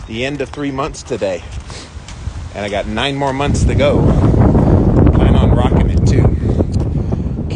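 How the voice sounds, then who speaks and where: A middle-aged man hosting a casual live stream outdoors, greeting viewers by name and chatting about his ice bath routine. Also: fairly high pitch. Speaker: host. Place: outdoors on a windy day. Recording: wind noise on the mic.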